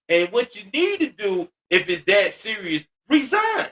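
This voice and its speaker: A man's voice: sits high, big pitch swings, measured pace, hardly any pauses, a bit bright, far from the mic. A man ranting in blunt, profane social commentary, exasperated and direct. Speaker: commentary host.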